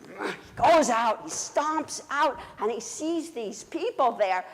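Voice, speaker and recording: A woman telling a story in a church service, animated and hesitant with fillers, in a church sanctuary. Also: on the high side, takes it slowly, long reverb tail. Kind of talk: sermon storytelling.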